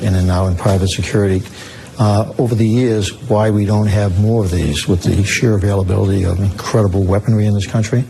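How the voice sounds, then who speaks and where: A man speaking in a played news clip, measured and matter-of-fact. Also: lowish voice, dark tone, a little hiss or hum, rough recording. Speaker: interviewed official.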